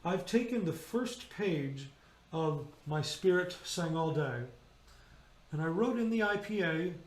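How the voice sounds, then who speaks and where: A high-pitched man teaches a choir how to shape their sounds, stopping again and again to demonstrate a vowel or consonant aloud. His voice rings out in a roomy, echoey space. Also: lively intonation, takes it slowly. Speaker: choir director. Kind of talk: rehearsal teaching on singing diction. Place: indoors, remote rehearsal video.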